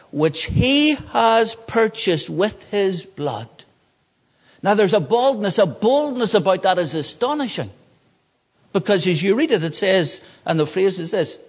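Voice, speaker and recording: A man's voice: high voice, in a large hall. A man preaching a sermon from the pulpit, earnest, rising in emphasis on key points. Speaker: pastor.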